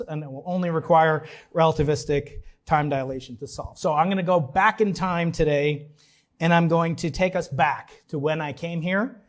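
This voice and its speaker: A man in his forties or fifties from Long Island, giving a commencement speech with joking asides and halting restarts. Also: on the high side. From New York, Long Island. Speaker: commencement speaker. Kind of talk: ceremonial speech. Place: large ceremony venue.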